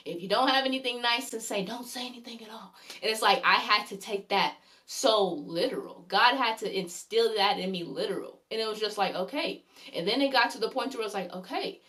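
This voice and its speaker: A woman's voice: mid-range voice, a bit bright. A woman giving a spoken devotional talk as a faith vlogger, earnest and rambling, often repeating a praise phrase and her own points. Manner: repeats "glory be unto the Lord" often.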